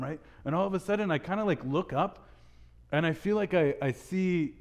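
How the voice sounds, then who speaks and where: A young man giving a sermon with a personal story, telling it in an animated way with many restarts. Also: on the high side, a little fast. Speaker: speaker at a church gathering.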